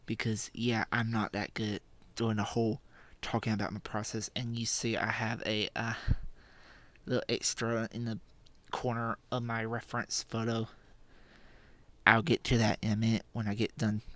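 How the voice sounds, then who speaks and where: Slow, rambling teenage boy vlogging. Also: mid-range voice, a bit bright, no room sound. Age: teens. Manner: rambling, self-deprecating, with frequent fillers and laughs. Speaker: channel host. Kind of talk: casual drawing vlog commentary. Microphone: desk microphone.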